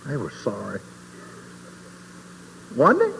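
A man giving an informal sermon in a folksy, conversational way, asking the audience questions and swinging between quiet asides and loud emphasis. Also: medium pitch, huge pitch swings, slow, vocal fry, breathy edge. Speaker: speaker giving a Christian testimony. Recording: long hall reverb, faint background noise.

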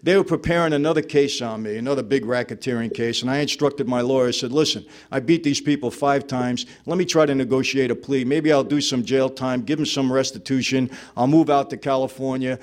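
A man's voice: mid-range voice, fairly even intonation, brisk, hardly any pauses. New man telling his testimony. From New York. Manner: conversational storyteller, acts out dialogue, frequent "you know". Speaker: speaker giving a personal testimony. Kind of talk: testimony talk to a live audience.

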